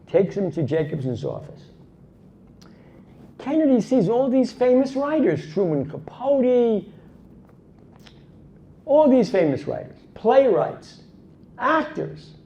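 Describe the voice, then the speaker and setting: A man's voice: very high-pitched, wildly swooping pitch, takes it slowly, pauses often, dark tone. A man giving a dramatic storytelling talk as a conference speaker, emphatic and full of rhetorical asides. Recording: dull lo-fi recording.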